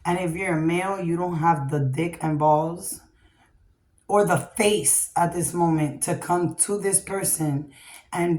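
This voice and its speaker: A woman with a fairly low voice runs a casual tarot reading in a blunt, foul-mouthed way, tagging "okay?" onto her points. The recording is roomy and echoey. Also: unhurried, a little mellow. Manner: blunt, profane, keeps asking "okay?". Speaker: tarot reader. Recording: echoey room.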